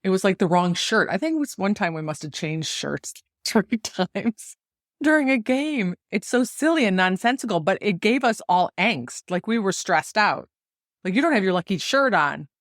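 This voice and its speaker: A middle-aged woman from the United States hosting a solo podcast, telling stories in an animated way and laughing often. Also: mid-range voice, moderate pace, no room sound, clean studio sound. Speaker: podcast host and golf coach.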